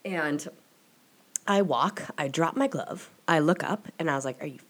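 A woman's voice: deep voice, a little slow. A young woman hosting a casual solo podcast, talking candidly and rambling, swearing freely. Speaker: podcast host. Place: at home at her computer and mic.

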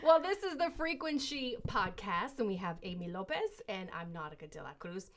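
A woman from New York co-hosting a casual podcast, firing off quick short questions and laughing easily. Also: mid-range voice, very animated, slight background noise. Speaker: podcast co-host.

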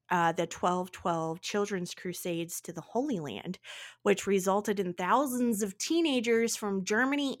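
A woman co-hosting a podcast in casual chat, animated and playful, with dramatic asides. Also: mid-range voice. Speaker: podcast co-host.

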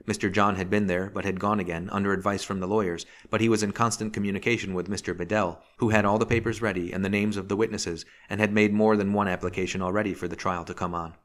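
A man with a very low, deep voice narrates a historical novel. His reading is measured and steady. It is an audiobook narration. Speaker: audiobook reader. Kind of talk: scripted narration.

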